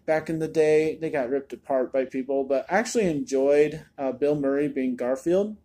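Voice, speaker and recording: Man, movie reviewer, casual chat, a bit high-pitched, mellow tone, exasperated. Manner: chatty, exasperated, repeats words when restarting.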